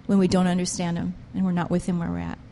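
A woman's voice: fairly low pitch, monotone, fast talker. Woman preacher, fervent and emphatic, echo hanging in a big hall. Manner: impassioned, emphatic, rises and drops sharply in loudness. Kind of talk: sermon.

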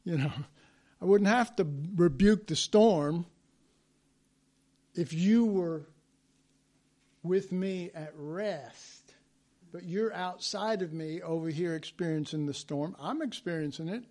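A man's voice: high voice, slow pace, long pauses, darkish tone. A man preaching a sermon in a conversational way, acting out biblical quotes as he goes.

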